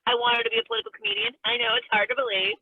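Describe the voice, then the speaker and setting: High-voiced woman comic ranting on a video call, exasperated and self-mocking, tinny phone-ish sound. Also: big pitch swings, very fast, gravelly, dry recording. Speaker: stand-up comedian. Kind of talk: stand-up set on a video call.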